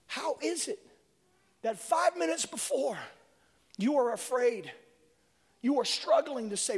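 A male preacher delivering a sermon, swinging from hushed whispers to shouting. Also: extremely high pitch, animated, slow pace, pauses often, husky. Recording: long reverb of a large hall.

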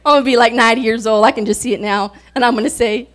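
A woman with a high voice preaches in a homespun, storytelling way. She laughs often as she talks, and her delivery sounds relaxed and chatty. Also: rapid-fire. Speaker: guest speaker. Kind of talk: sermon.

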